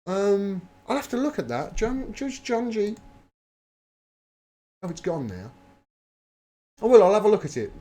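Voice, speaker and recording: Heated man, slightly high voice. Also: very animated, a little slow, pauses often, mellow. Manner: emphatic and heated, swears freely. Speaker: livestream host. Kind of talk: live political commentary reading viewer chat.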